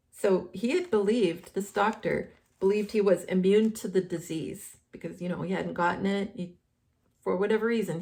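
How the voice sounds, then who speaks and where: Gravelly-voiced woman rambling through commentary. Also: medium pitch, darkish tone. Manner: rambling, many fillers and restarts. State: losing her voice. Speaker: host. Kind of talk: casual decoding commentary.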